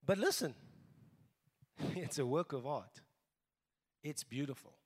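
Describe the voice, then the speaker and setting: A middle-aged South African man preaching a sermon as pastor, emphatic, moving between raised exhortation and quiet asides. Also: fairly high pitch, expressive, slow pace, breathy edge, in a large hall. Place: church.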